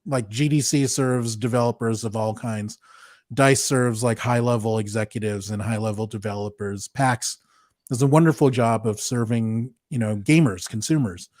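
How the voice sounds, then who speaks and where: Male co-host, mid-pitched, measured and analytical, dry close-miked sound. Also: fairly even intonation, darkish tone, no echo. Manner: measured, analytical, says "like" and "right". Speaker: podcast co-host. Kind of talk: casual podcast chat.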